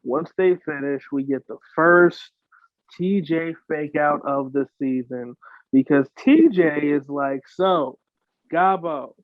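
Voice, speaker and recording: A man's voice: fairly high pitch, animated, slow, dry recording. Exasperated man on a tinny line. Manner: exasperated, profane retelling. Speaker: podcast co-host. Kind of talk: casual reality TV recap.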